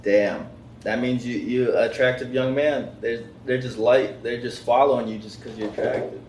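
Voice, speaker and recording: A young man co-hosting a casual podcast, swearing freely and acting out scenes in loud, high voices. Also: steady tone, moderate pace, slight background noise. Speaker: podcast co-host, stage show host. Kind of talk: casual chat. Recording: echoey room, mic at a distance.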